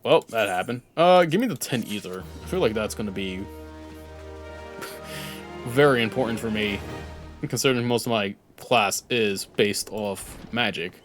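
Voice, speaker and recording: A man's voice: lowish voice, lively intonation, measured pace, soft background music. Rambling self-deprecating young man. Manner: rambling, self-deprecating, reads game text aloud. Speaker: streamer. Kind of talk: casual gameplay commentary.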